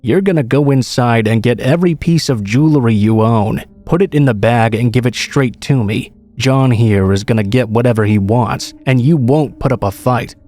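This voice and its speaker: A man voicing a coarse, menacing woman robber with a raspy voice and a Southern US accent. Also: medium pitch, normal speed, hardly any pauses, dark tone, faint music behind, lightly acted. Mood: threatening.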